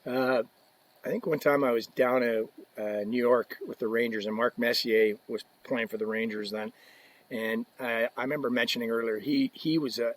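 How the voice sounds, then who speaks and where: A man's voice: medium pitch, a little hiss or hum, low-quality recording. An older man, a podcast guest, telling joking stories in a casual, anecdotal way. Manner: joking, anecdotal, drops in hushed asides. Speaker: podcast guest, equipment representative. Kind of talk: casual storytelling.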